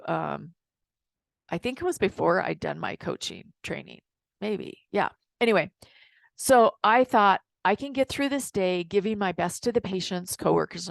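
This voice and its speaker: Middle-aged lady coach telling a work story, kinda gravelly, low-ish voice, super dry sound. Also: no echo. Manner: storytelling, animated retelling with quoted dialogue. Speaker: dental hygienist and life coach. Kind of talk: casual talk to an audience.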